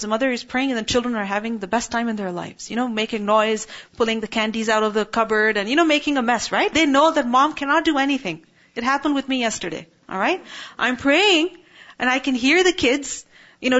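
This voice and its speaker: A woman in her thirties teaching an Islamic class in a calm, conversational way, often checking in with her listeners. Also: high-pitched. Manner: calm, conversational, many tag questions. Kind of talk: religious class talk. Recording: dull lo-fi recording.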